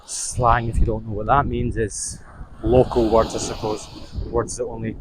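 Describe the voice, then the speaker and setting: A man's voice: fairly low pitch, little pitch movement, moderate pace. A man with a Donegal Irish accent, a travel vlogger chatting casually to camera outdoors on a beach in a rambling, easygoing way, with slang and swearing. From Donegal, Ireland. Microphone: clip-on mic. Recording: outdoor wind noise.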